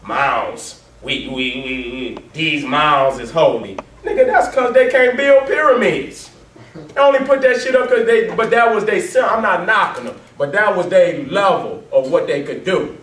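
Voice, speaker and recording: A man telling his life story to a live audience over photos, swearing heavily, laughing often and swinging between loud bursts and low, quiet stretches. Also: unhurried. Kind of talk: profane, animated storytelling talk to a live audience. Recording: roomy, distant mic, faint background noise.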